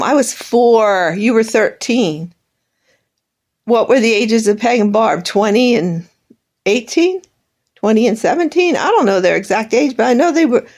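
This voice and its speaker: A woman's voice: on the high side, darkish tone. An older woman in a bitter, sarcastic personal monologue, airing grievances at her absent family. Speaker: vlogger.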